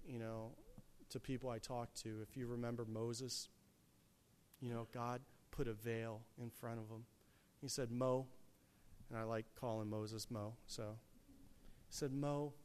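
A man preaching a sermon, swinging from hushed, quiet passages to loud, emphatic peaks. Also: medium pitch, clean tone.

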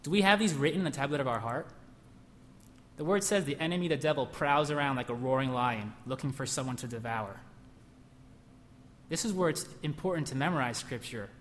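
A man's voice: medium pitch, brisk, slight background noise. A man preaching a sermon in a church, emphatic, asking the room questions and acting out whispered lies. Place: church hall. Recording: long hall reverb.

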